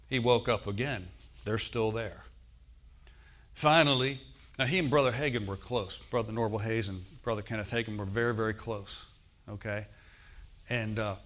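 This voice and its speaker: A pastor with a medium-pitched, a bit bright voice tells stories as he preaches, performing the voices of the people in them and calling for amens from his congregation.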